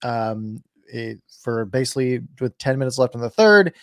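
A man co-hosts a sports podcast, casually talking through recent games in a loose, rambling way with a dry, sarcastic edge. His medium-pitched, fairly bright voice is expressive at normal speed, recorded close in a dead, dry space with no room sound.

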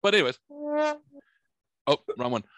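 A man's voice: sits high, wildly swooping pitch, measured pace, a bit bright, dry recording, muffled recording. A man hosting a podcast, telling rambling, profane stories in casual chat. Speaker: podcast host. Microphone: studio microphone.

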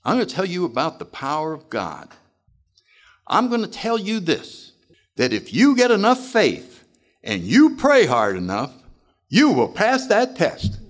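A man's voice: high-pitched, huge pitch swings, unhurried, pitched above the performer's own voice, exaggerated voice. A man voicing a veteran male minister who speaks in an earnest, insistent way within a joke.

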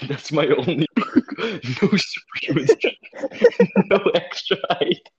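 A man's voice: on the high side, wildly swooping pitch, slow pace, lo-fi sound. A man co-hosting a podcast in casual chat, laughing often as he retells a comedy bit and acts out the quotes. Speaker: podcast co-host.

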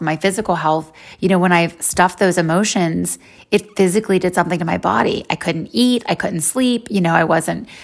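A woman in her forties giving a faith-based personal talk in a conversational way, with many "you know" fillers. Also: lowish voice. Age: 40s.

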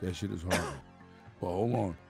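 A man from Brooklyn with a New York accent in casual, profane group banter, loudly arguing a point and cutting in to hold the floor. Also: sits low, brisk, creaky, faint music behind.

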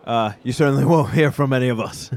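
A man's voice: medium pitch, fast talker, a little mellow, faint music behind, close to an everyday voice. Man doing an obliging tavern bartender. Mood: accommodating. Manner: accommodating, hesitant. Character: busy tavern bartender, male, accommodating.

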